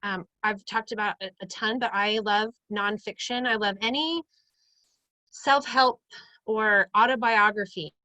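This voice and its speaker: A woman's voice: medium pitch, a little slow, sharp tone, dry recording, rough recording. A woman in her thirties hosting a casual motivational group video chat, chatty and upbeat, acting out the lines she quotes.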